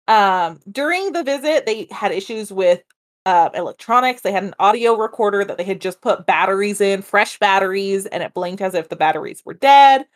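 A woman's voice: medium pitch, animated, moderate pace. A woman in an easy podcast chat, working through a haunted-house case step by step. She talks loosely, drifts off on asides and breaks into laughter often. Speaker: podcast co-host telling a paranormal case. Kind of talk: casual storytelling chat.

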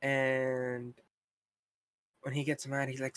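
A man's voice: mid-range voice, unhurried, a little hiss or hum. A young man co-hosting a podcast, talking in a casual, frustrated rant full of "like" and asides. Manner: frustrated ranting, heavy use of "like". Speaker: podcast co-host. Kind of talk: casual chat.

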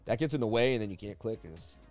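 A man hosting a casual live stream of crypto chart analysis from his seat at a desk, talking in an energetic, rambling, jokey way. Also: on the low side, very fast, soft background music. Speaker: crypto market analyst host. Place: seated at a desk indoors.

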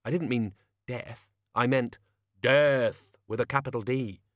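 A man voicing a brisk, impatient young governess who speaks curtly. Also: mid-range voice, fairly bright tone, dry recording, studio quality, natural voice. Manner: curt, impatient.

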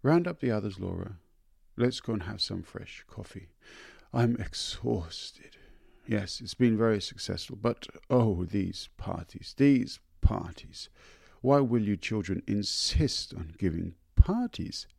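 A man's voice: lowish voice, animated, slow, vocal fry, a little mellow, husky, no room sound, clean studio sound, voice pushed up, full character voice. A man voicing a weary, fussy middle-aged mother in a storybook reading, with an exasperated manner.

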